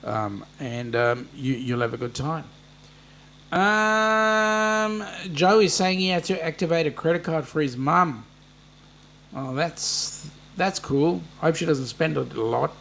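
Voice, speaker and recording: Aussie male host, unhurried chatty delivery, slightly high voice, faint hum behind. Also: vocal fry, a bit bright. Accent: Australian. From Australia. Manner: chatty, addresses viewers by name, many ums. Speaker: host reading live chat. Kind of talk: casual live-stream chat.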